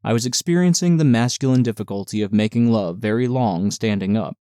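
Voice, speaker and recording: A man narrating a novel as an audiobook with steady, measured storytelling. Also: lowish voice, clean tone, dry recording, studio quality. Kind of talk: novel reading.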